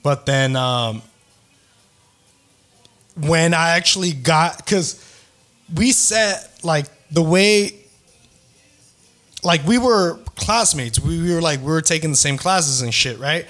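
A man's voice: a little high, takes it slowly, pauses often, fairly bright tone. Profane, rambling young man telling stories. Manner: profane, slangy, rambling with frequent laughs. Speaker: podcast host. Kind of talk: casual storytelling chat.

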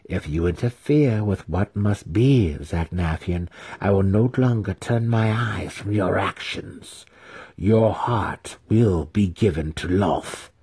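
An imperious dark elf matriarch, read by a man speaks with cold, measured control. The voice is deep, dark and husky. A storybook queen who threatens without raising her voice. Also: heavily acted. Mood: coldly threatening.

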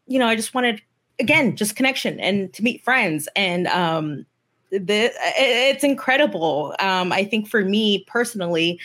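A woman guest on a livestream podcast, talking in an emotional, halting way with many pauses and fillers. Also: medium pitch, fairly bright tone.

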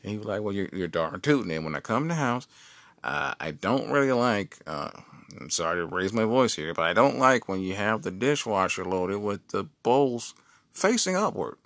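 A prim, fussy husband who stumbles and hedges before he complains, as a man puts him on. His voice sits low and is heard dry and close. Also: sing-song, moderate pace, fairly bright tone, no echo.

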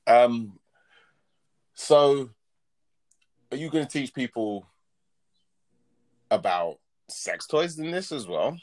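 A man co-hosting a podcast in casual chat, playful and quick to laugh. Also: mid-range voice, animated, darkish tone. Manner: chatty, laughs often, playful. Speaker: podcast co-host.

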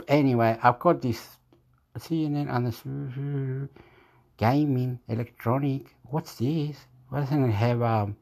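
A man vlogging into a phone at home, meandering and halting as he searches for words, chuckling often. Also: mid-range voice, a little mellow. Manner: meandering, keeps repeating "anyway", chuckles often. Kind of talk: rambling casual chat to camera.

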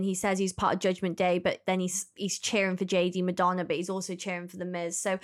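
Woman co-host, casual chatty recap, lively and laughing. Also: lowish voice. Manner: animated storytelling, quick laughs. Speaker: podcast co-host. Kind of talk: casual chat.

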